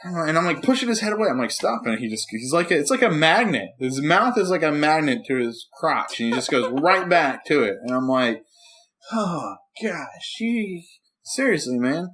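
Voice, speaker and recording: Lively, animated man telling stories. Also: a little high, a little fast, hardly any pauses. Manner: animated storyteller, acts out talking to his dog. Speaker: podcast co-host. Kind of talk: casual chat.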